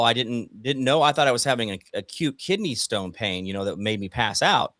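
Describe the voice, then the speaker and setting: Speaking at a fairly quick clip with hardly any pauses, a medium-pitched man spins a long personal story as co-host of a laid-back morning talk show. He's an animated storyteller who acts out the people's quotes and swears casually, and the studio-quality audio has no echo.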